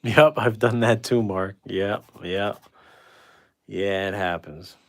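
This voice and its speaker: Low gravelly man musing while painting. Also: slow pace. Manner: musing, self-critical, talks to viewers. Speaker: painter hosting a livestream. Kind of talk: casual livestream chat while painting.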